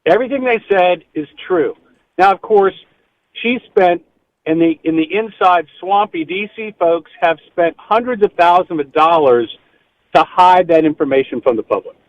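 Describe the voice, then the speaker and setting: Male political candidate guest, eager and talkative, higher voice, dull muffled call-in sound. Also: normal speed. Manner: eager, talkative, repeats words. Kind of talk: radio interview call-in.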